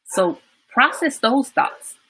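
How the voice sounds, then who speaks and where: Bright-voiced woman hosting a chatty livestream. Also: high voice, slow, slight background noise. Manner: animated, chatty, reads out viewer comments and laughs often. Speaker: livestream talk show host. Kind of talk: casual live-stream chat with viewers.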